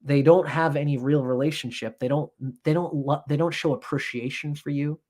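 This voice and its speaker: A man's voice: a little high, fairly even intonation, normal speed, a little mellow. A man giving an astrology reading on a live stream, blunt and profane, switching into acted voices to make his points.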